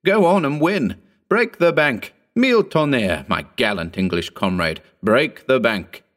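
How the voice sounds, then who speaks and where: A man voicing a boisterous old French ex-soldier with a hoarse voice and an effusive, exclaiming manner. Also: fairly low pitch, sing-song, moderate pace, fairly bright tone. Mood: ecstatic.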